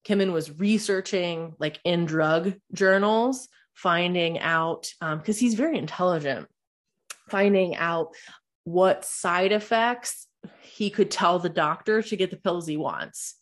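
A woman's voice: on the low side, takes it slowly. A young adult woman, telling a personal story in a candid, rambling way, swearing freely and using lots of fillers.

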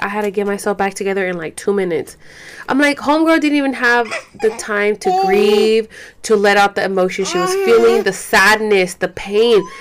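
Young woman, casual vlog talk, candid, swears, lots of fillers, middle pitch. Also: fairly bright tone. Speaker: vlogger. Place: home, caring for a baby.

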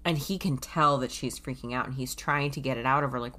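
A woman with a strikingly deep voice chats casually with a friend about a book and its film adaptation. She quotes dialogue and reads passages aloud from the book as she talks. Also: normal speed, hardly any pauses, a bit bright. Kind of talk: casual book-to-movie discussion.

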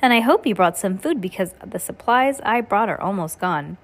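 A nervous, prim older aunt from a storybook, as a woman reader puts her on, high-strung and quick to scold over grammar. She sounds fretful and stern by turns, with a fussy, proper manner. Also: lively intonation.

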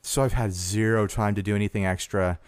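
A man co-hosting a podcast in casual chat, relaxed and rambling, laughing easily. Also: on the low side, a little fast, smooth, no echo, clean studio sound. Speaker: podcast co-host.

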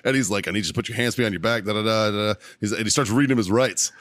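A man's voice: on the low side, very fast, fairly bright tone, no echo, clean studio sound. A man co-hosting a podcast, telling a story in casual, profane chat and laughing often along the way. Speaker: podcast co-host.

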